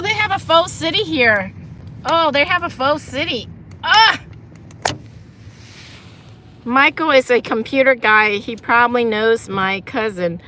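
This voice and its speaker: Chatty bright-voiced woman live-streaming from a car. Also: high-pitched. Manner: chatty, addresses viewers, laughs a lot. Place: inside a parked car at night. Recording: car interior with vehicle noise.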